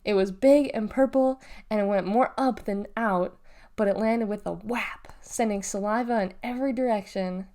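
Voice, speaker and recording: A woman reading a children's novel aloud in a lively, expressive storytelling manner. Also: mid-range voice, normal speed. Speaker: reader.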